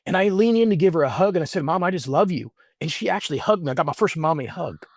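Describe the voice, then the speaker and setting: A middle-aged man, a guest on an interview show, tells a personal story in an earnest, heartfelt way, often halting and restarting his sentences. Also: fairly high pitch, animated, no echo, studio quality.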